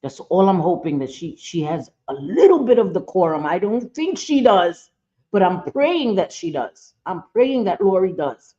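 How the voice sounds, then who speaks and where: Blunt, profane woman streamer, low voice. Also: big pitch swings, moderate pace, warm tone. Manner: talks straight to viewers and chat. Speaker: YouTube live streamer and commentator. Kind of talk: live stream commentary, reading chat. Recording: dull lo-fi stream audio.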